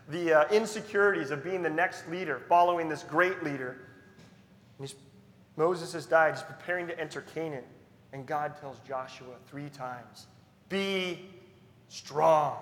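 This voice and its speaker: A man's voice: fairly high pitch, fairly bright tone, roomy sound, in a large hall. A man preaching a sermon as pastor, earnest and emphatic, stressing key phrases through repetition.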